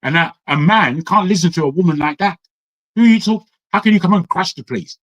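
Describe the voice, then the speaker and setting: A man from England speaking in an online discussion, defiant and forceful, firing heated rhetorical questions. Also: sits high, expressive, fairly quick, dry recording, rough recording. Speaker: audience speaker. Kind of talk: impassioned talk on an online call.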